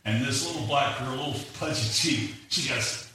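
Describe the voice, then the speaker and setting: A man's voice: medium pitch, normal speed. A man preaching a sermon, telling personal stories and acting out the voices of the people in them. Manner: animated, acts out quoted voices. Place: church sanctuary. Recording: echoey hall, mic far off, faint noise.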